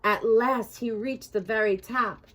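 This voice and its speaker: Slow expressive woman reading aloud. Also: on the high side. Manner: expressive, dramatic. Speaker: storyteller. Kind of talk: children's read-aloud narration.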